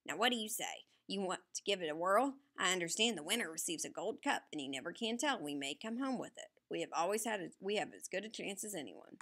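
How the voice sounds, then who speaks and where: A folksy old country grandfather, kindly and quick to get excited, drawling in a slightly lowered, softer voice, as a woman narrator reads him. His tone stays bright and forceful underneath. Storybook audiobook reading. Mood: gentle, earnest.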